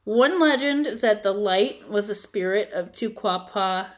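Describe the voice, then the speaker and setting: A woman's voice: mid-range voice, lively intonation, measured pace. A woman from the northern United States hosting a casual podcast, chatty and giggly as she retells legends. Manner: chatty, giggly, trails off with fillers. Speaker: podcast host.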